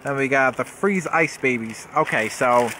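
A man's voice: medium pitch, moderate pace, heavy background noise. A young man vlogging as he unboxes a subscription box, rambling and jokey, often correcting himself. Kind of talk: casual unboxing vlog.

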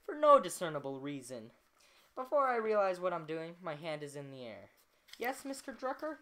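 A woman reads a novel aloud in an amateur recording, her voice on the low side yet lively, rising and falling a lot. She is chatty and breaks off to comment on the text and laugh at her own slips. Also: brisk, background noise. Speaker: amateur reader. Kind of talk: reading a novel aloud with asides.

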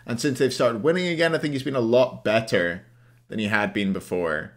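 A young, hungover man on a casual live stream ranks players and rants at his chat, swearing constantly. His voice is medium-pitched and he talks fairly quickly.

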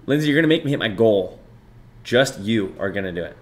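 A man's voice: on the low side, animated, brisk. A young man in his twenties chatting casually and profanely with his stream viewers, bantering loosely and reading chat aloud.

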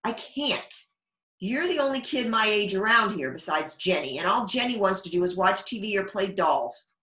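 A woman's voice: mid-range voice, animated, normal speed, bright, forceful tone. A woman voicing a skeptical, bossy young girl in a storybook reading. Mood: pleading. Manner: skeptical, pleading. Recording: echoey room.

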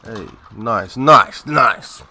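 A young man giving live, excitable commentary over a shooter game, swearing and chatting in slang. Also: mid-range voice, drawn-out words, crowd noise. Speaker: gaming commentator.

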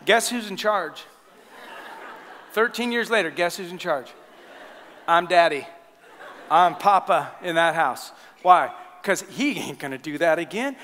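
A man preaches a sermon, telling stories with lively energy and laughing along. His voice is bright and a touch high. It rings with a long reverb in a church sanctuary. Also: unhurried, long pauses, slight background noise. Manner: animated storytelling, laughing at his own stories. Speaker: pastor.

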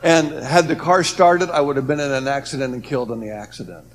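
A man telling a personal testimony story, swinging between loud emphatic lines and hushed, low ones. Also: fairly even intonation, a little fast, slight background noise. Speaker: testimony speaker.

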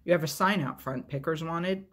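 A determined teenage girl , as a man puts her on for a storybook reading, speaking up for her siblings in a slightly raised, husky voice. She sounds earnest and pressing, pushing past her own unease to keep everyone moving. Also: fairly high pitch, moderate pace, a bit bright.

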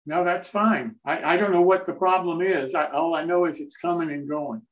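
A man's voice: a little high, normal speed. A man hosting a video call, pointing out a microphone problem and repeating himself to reassure his guest. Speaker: host. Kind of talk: casual chat.

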